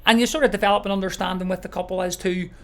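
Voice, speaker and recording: A man's voice: sits high, steady tone, very fast, vocal fry. A man from Northern Ireland co-hosting a wedding DJ podcast, rambling in casual chat with many fillers. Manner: rambling, lots of you know and sort of.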